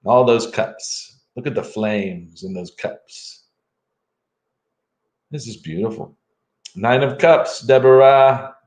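Middle-aged male tarot reader, live reading; relaxed and slow, playful, recorded with noticeable room echo. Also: medium pitch. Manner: playful, jokes and laughs between readings. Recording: roomy echo.

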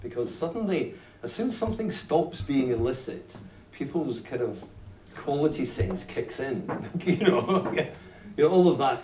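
Captured by a faraway camera in the crowd, the sound is roomy with a faint hiss as a Glaswegian man in his fifties talks whisky at an indoor tasting event. This Scottish-accented whisky writer is an animated storyteller, peppering his talk with "you know" and frequent restarts. His voice is medium-pitched and moderately paced.

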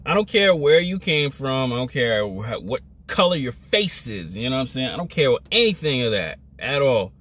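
A man's voice: mid-range voice, sing-song, moderate pace, hardly any pauses, fairly bright tone. A young man vlogging a motivational rant, emphatic, repetitive and scolding.

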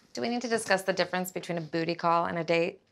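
An actress playing a defensive, sharp-tongued young woman in a scripted series, snappy and exasperated. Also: fairly low pitch, quick pace, gravelly, slight background noise. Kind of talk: scripted web-series acting.

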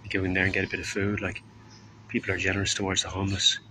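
In this clip the street preacher's low voice comes across pushed and bright yet completely flat, with a little hiss or hum on the recording. His sermon stays informal and earnest, slow and drawn out, with occasional acted-out voices of those he quotes.

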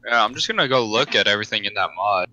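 A man playing a game with a friend, chatting casually and trading dry, deadpan quips. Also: lowish voice, quick pace, highs cut off. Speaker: co-player. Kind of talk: casual gameplay chat.

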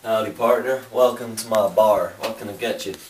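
A man's voice: fairly low pitch, fairly even intonation, normal speed, a little mellow, lightly acted. A man voicing a folksy old-timey male bartender with a put-on American Southern drawl. He calls people sir and son in a courtly way, in an amateur comedy sketch. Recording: roomy, distant camera mic, faint noise.

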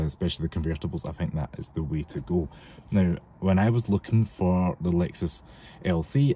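A man's voice: sits low, warm tone, slightly rough. A man from the UK chatting casually and rambling on his car vlog, recorded outdoors on a windy, cold day. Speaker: car vlogger. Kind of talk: casual chat.

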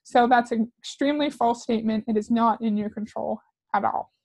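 A woman's voice: a little high, fairly quick, vocal fry, darkish tone, no room sound. A woman commentator reacting to clips with sarcastic, skeptical remarks. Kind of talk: critical commentary.

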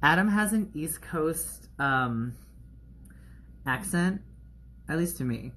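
Playful drag performer chatting over makeup. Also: male voice, fairly high pitch, animated, takes it slowly, a bit bright. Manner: playful, chatty, laughs often. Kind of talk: casual livestream chat. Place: at home doing makeup. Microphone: phone.

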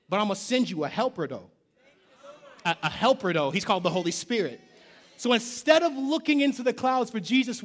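A male pastor preaching a lively sermon in a church, shouting call-and-response lines and dropping slangy jokes and asides. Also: high-pitched, fairly quick. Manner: casual slangy asides and joking. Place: church sanctuary.

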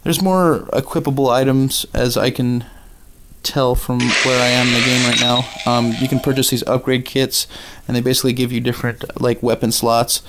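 A man with a Minnesota accent giving a casual game review with commentary, halting often with ums and uhs. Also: mid-range voice, level tone, heavy background noise.

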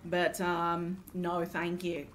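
A woman's voice: lowish voice, monotone, slow pace, a little hiss or hum. A woman streaming a horror game, jumpy and swearing, chatting to the game's characters. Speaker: gaming streamer. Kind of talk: live horror game commentary.

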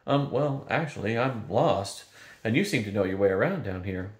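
A man's voice: fairly low pitch, animated, moderate pace, close to an everyday voice. An older man voicing a polite, bashful young prince turned to stone, earnest and a bit hesitant. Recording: roomy echo.

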